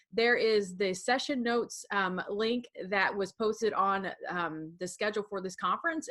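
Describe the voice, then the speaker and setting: A woman presenting a fast-paced webinar as an assistive technology specialist, chatty and relaxed, with many fillers, speaking over a video call. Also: medium pitch.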